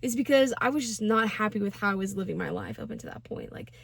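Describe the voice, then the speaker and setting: A woman's voice: medium pitch, animated, fast, gravelly, slightly rough, dry recording. A young woman in her twenties telling a personal story in a casual vlog, chatty and slangy with lots of fillers. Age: 20s. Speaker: vlogger.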